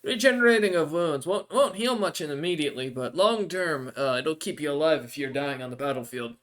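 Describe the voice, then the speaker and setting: A man's voice: fairly high pitch, animated, a little fast, fairly bright tone. Man voicing an ancient friendly desert stranger.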